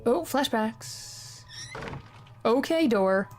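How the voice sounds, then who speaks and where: A woman playing a horror video game, reacting excitedly with frequent swearing and reading the on-screen text aloud. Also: a little high, extremely slow, soft background music. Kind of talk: casual let's-play commentary.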